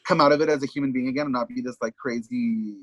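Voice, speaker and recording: A man's voice: medium pitch, steady tone, fast, fairly bright tone, dry recording. A man who is a drag performer, the podcast's guest, telling his story candidly in casual talk that is full of swearing. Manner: casual, swears freely, acts out quotes of others.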